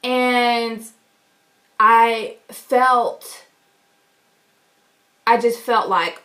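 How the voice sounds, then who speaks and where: A woman vlogger telling an animated, indignant story to the camera. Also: on the high side, slow pace, long pauses. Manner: animated, indignant, acts out quotes loudly. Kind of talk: storytime vlog.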